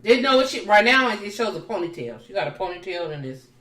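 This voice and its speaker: A fast-talking woman with a mid-range voice co-hosts a podcast, where she animatedly and casually narrates reality TV drama and acts out the people she quotes. The audio is roomy, and she sits distant from the mic.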